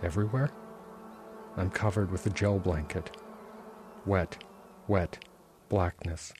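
A man, the author, reading aloud from his own novel in a measured, intense first-person narration. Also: sits low, steady tone, a little mellow, a little hiss or hum. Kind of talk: literary reading.

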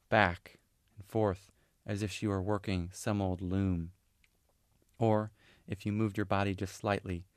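Male author reading literary fiction; low register, measured pauses, dry close-miked sound. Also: no echo. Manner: measured, unhurried storytelling with pauses. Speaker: author reading his novel.

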